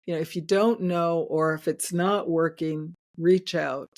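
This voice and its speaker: A woman's voice: on the low side, steady tone, a little slow, darkish tone. An older woman, a guest inventor, telling stories in a chatty interview, laughing often and restarting her sentences. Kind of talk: storytelling in casual interview.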